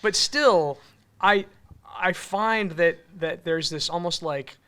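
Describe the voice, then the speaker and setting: A man in casual conversation, wry and thoughtful, slipping dry jokes in among his points. His voice is bright and forward and sits somewhat high for a man. He talks easily about his teaching. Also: slow pace, clean tone. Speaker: meditation teacher.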